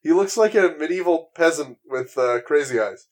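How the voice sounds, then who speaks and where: A man's voice: fairly high pitch, lively intonation, normal speed. Wry man on a podcast. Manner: wry, describes pictures with playful comparisons. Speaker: podcast co-host. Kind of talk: casual chat.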